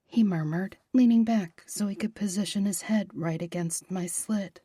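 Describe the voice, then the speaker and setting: A woman narrating a romance audiobook in a soft, breathy, half-whispered voice. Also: medium pitch, moderate pace, no echo, studio quality.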